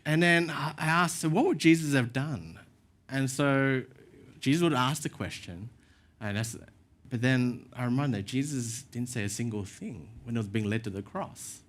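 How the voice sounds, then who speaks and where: A male pastor giving a sermon in a church, telling stories in a relaxed, self-mocking way. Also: medium pitch. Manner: casual storytelling with self-deprecating asides.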